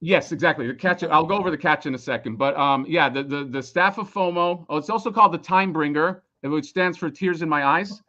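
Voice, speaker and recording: A man's voice: a little high, brisk, few pauses, sharp tone, dull audio. A man losing his voice, rambling casually and swearing a lot while explaining a toy on a live stream. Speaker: toy designer presenting a crowdfunding campaign.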